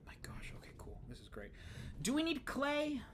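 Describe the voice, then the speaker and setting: An excitable gaming streamer chatting through a let's play with a lively, bouncing voice that roams up and down. The talk rambles, dropping into muttered whispers and then jumping to loud outbursts. A faint hiss of noise sits underneath. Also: high-pitched, normal speed. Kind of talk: casual let's play commentary.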